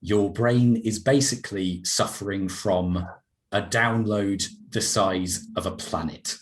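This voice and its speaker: A man, working as a game master and narrating a tabletop role-play game in a measured, descriptive way. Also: lowish voice, steady tone.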